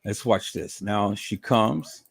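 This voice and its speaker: A man's voice: fairly low pitch, takes it slowly, vocal fry, husky. A man giving casual livestream commentary, emphatic and repetitive, asking rhetorical questions.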